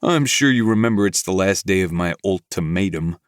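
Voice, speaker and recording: A man's voice: sits low, animated, fairly quick, smooth, dry recording, clean studio sound. A man voicing a sly, smug male billionaire businessman with a mocking, sarcastic manner.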